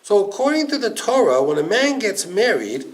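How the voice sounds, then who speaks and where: Man, rabbi telling a story, lively and expressive, slightly raised pitch, faint hiss behind. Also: normal speed, poor audio. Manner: animated, laughing storyteller. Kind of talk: storytelling sermon.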